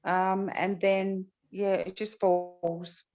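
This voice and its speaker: A woman's voice: medium pitch, flat delivery, drawn-out words, darkish tone. A woman taking part in an online workshop, talking candidly and reflectively about her habits over a video call. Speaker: workshop participant. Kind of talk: casual chat on a video call. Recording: dull lo-fi call audio.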